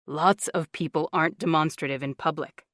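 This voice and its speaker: A woman's voice: deep voice, steady tone, normal speed, a bit bright, no room sound, clean studio sound. A woman narrator voicing a stubborn, reserved man who speaks in a guarded way.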